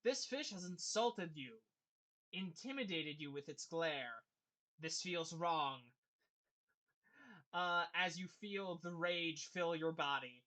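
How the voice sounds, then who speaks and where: Bright-voiced game master, rambling narration. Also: medium pitch, animated, slow pace, long pauses. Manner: rambling, many fillers and restarts.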